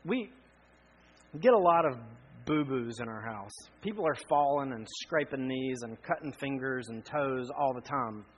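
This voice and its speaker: A man in his thirties preaching a sermon, earnest, with frequent pauses that build to emphatic appeals. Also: medium pitch, animated, lo-fi sound. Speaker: pastor.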